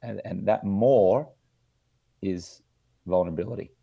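A man hosting a podcast interview, speaking in a measured, hesitant way with many restarts. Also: low-pitched, creaky, slightly rough, muffled recording. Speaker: podcast host. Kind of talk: casual interview.

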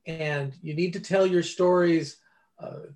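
A man's voice: a little high, slow. A man over forty, an author and ghostwriter, talking casually in an interview and acting out quoted conversations as he tells stories. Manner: animated storyteller, acts out quoted dialogue.

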